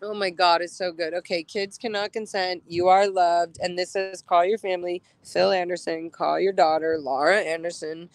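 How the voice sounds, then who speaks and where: A woman's voice: on the low side, level tone, moderate pace, hardly any pauses, dry recording, poor audio. Woman streamer, outdoors on phone, emotional, chatty, speaks straight to viewers. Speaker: livestreamer. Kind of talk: outdoor livestream chat. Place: outdoors on a street.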